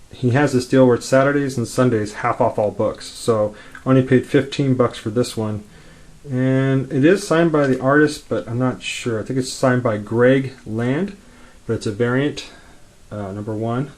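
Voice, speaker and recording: A laid-back man chatting through a casual show-and-tell, his voice sitting at an ordinary middle pitch. He rambles along quickly with plenty of fillers and restarts. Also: fairly even intonation, a little mellow. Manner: talks quickly. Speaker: comic collector vlogger.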